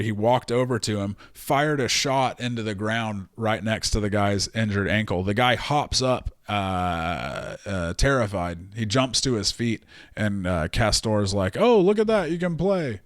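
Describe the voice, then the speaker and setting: A man's voice: on the low side, a little slow, no room sound. Guy on a podcast rambling thru a wild story, swears a lot, dead dry sound. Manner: profane, animated storyteller with many fillers. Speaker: podcast host. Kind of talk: casual storytelling.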